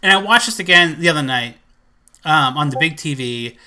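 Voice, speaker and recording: A man chatting casually in a collection vlog, rambling and excitable, full of fillers. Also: a little high, moderate pace. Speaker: movie collector vlogger.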